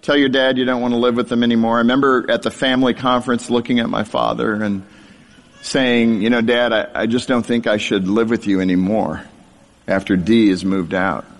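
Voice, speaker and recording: A man's voice: medium pitch, little pitch movement, fairly quick. A middle-aged man preaching a storytelling sermon, sharing his childhood with self-deprecating humor and frequent laughter. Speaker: speaker sharing a testimony. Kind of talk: storytelling sermon to a live audience. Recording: long hall reverb.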